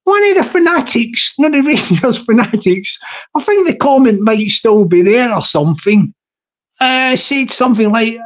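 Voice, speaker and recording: A man's voice: extremely high pitch, animated, moderate pace. Bloke rambling on a livestream, repeats himself a lot, chuckles at his own banter. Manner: rambling, repetitive, laughs at own jokes. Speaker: livestream host. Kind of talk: casual live stream chat.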